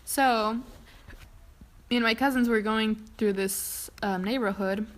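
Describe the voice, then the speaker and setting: A woman's voice: a little high, steady tone, unhurried. A young woman co-hosting a casual podcast, reading a ghost story aloud and rambling, swearing and laughing along the way. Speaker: podcast co-host.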